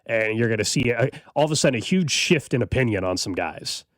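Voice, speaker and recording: A male sports radio host chatting quickly in a dry booth. He rambles and restarts his sentences. His delivery stays casual and conversational. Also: mid-range voice, animated, a bit bright, dry recording. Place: radio studio.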